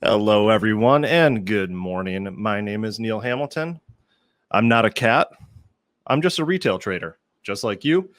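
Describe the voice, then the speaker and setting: A man's voice: lowish voice, expressive, normal speed, a bit bright, no room sound, clean studio sound. Upbeat joking male stock-show host. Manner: joking, upbeat, self-mocking. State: slightly out of breath. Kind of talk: live market show chat.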